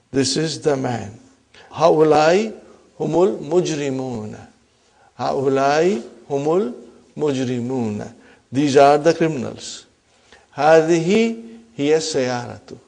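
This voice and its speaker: A man teaching an Arabic grammar class, slowly reading example sentences, repeating key terms and often checking that the class follows. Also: fairly high pitch, creaky, darkish tone. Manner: checks understanding with frequent questions.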